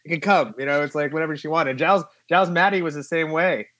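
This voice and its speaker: Animated, higher-voiced male film producer. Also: quick pace, no room sound. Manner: animated storyteller who acts out quotes. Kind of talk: casual interview chat.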